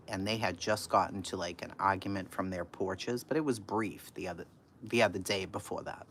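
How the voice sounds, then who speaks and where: Animated, swearing woman telling stories. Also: rumbling low, moderate pace, a little hiss or hum. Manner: animated, profane, laughs often, swings from loud to hushed. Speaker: livestream host. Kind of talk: casual storytelling to a live chat.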